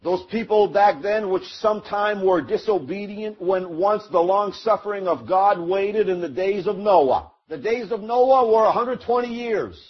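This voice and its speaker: A man's voice: high voice, a little slow, few pauses, slightly rough, muffled recording. A man preaching a sermon, teaching verse by verse and acting out the scene in the story. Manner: storytelling, acts out the crowd and Noah, rising to shouts.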